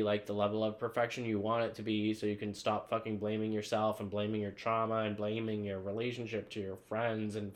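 A man's voice: fairly low pitch, a bit bright. A man hosting his own podcast, talking in a rambling, profane, self-deprecating solo monologue full of filler words. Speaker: podcast host.

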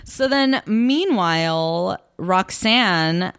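A woman's voice: mid-range voice, expressive, extremely slow, fairly bright tone, clean tone. A young woman recapping a TV episode in casual chat, laughing often and acting out the characters' lines. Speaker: podcast co-host recapping a TV episode.

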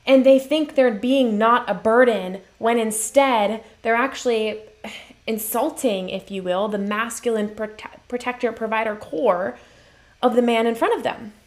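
A woman's voice: a little high, measured pace. A woman speaking as a relationship coach in a motivational live-stream talk, earnest and emphatic, repeating her key phrases and reading viewer comments.

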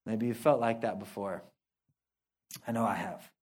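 A male pastor giving a casual, conversational sermon, playful and animated, laughing often and dropping slangy asides. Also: lowish voice, normal speed, husky.

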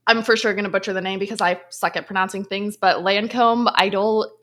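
A woman's voice: mid-range voice, steady tone, fairly quick, fairly bright tone. A young woman co-hosting a casual podcast, chatting in a laid-back, self-deprecating way. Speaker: podcast co-host. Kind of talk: casual chat about perfume.

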